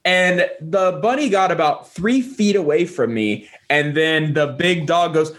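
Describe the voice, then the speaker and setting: A young man co-hosting a podcast, telling a casual story and jumping into squeaky voices for animals. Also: lively intonation, normal speed, fairly bright tone. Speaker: podcast co-host.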